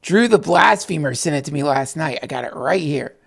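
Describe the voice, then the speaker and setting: A man hosting a casual night livestream, rambling, swearing and talking excitedly to his viewers. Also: a little high, a little fast, vocal fry, slightly rough. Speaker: podcast host on a night livestream.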